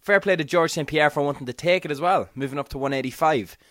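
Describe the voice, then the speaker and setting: Emphatic podcast co-host. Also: male voice, fairly high pitch, fast talker, fairly bright tone, no room sound, studio quality. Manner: emphatic, keeps asking "do you know what I mean". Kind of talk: casual sports podcast chat.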